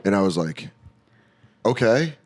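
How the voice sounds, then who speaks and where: A man talks easily in a relaxed podcast chat. He tells stories and slips into other people's voices when he quotes them. His voice sits in the middle of the usual range for a man. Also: medium pitch, brisk. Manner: storytelling, acting out quoted voices. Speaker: podcast guest, comedian. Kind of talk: casual chat.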